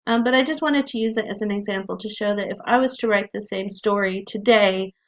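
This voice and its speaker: A woman teaches a recorded writing class, explaining things in a friendly way and saying "um" often. Her voice is mid-range and a little fast, and the lo-fi recording sounds dull.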